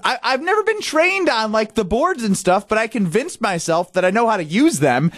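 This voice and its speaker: A man with a high, lively voice that swings widely, co-hosting sports radio and laughing at his own mistakes. His studio mic sounds dry, with faint music under it. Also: dry recording. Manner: self-deprecating, laughing, defensive. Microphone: studio microphone.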